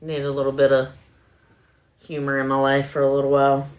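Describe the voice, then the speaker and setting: A woman's voice: extremely low pitch, monotone, brisk. A woman hosting a casual live stream from home into her phone, chatty, laughing often and filling her talk with ums. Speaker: livestream host.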